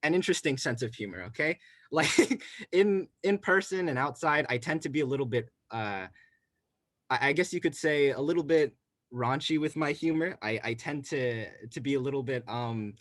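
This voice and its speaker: A young man from New York City, a college student, tells a rambling campus story in casual chat. His voice is on the high side with lively intonation and a moderate pace; he restarts often and tags lines with "right?" The recording is dry.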